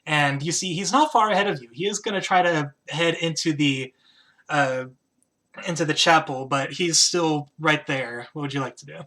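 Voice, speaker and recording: A game master narrates a tabletop game in a bright, sharp voice. The telling is casual and hesitant, full of fillers and restarts. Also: mid-range voice, moderate pace. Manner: hesitant narration with many "uh" and "kind of".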